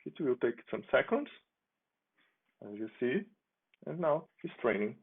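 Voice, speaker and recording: A man giving a relaxed, chatty demo of his own software, restarting phrases and chuckling now and then. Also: medium pitch, unhurried, husky. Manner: relaxed, chatty, with frequent restarts and small laughs. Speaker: software developer demoing his app. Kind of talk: casual screen-recorded software demo. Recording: tinny phone-like sound.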